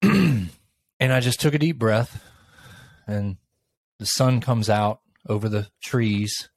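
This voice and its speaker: A middle-aged man co-hosting a podcast, telling a personal story in a thoughtful, unhurried way with pauses. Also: lowish voice, vocal fry, no echo. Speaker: podcast co-host. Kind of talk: reflective casual conversation.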